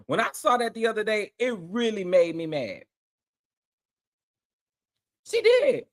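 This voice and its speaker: A man hosting a casual live stream, talking in a sassy, animated way and repeating phrases for emphasis. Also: sits high, measured pace. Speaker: livestream host.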